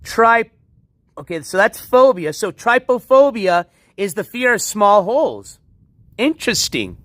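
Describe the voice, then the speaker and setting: A man's voice: high voice, animated, a little slow, a bit bright, no echo. A man hosting a casual livestream outdoors by a backyard pool at night on a handheld phone, talking in a laid-back, rambling way with frequent chuckles. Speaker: livestream host.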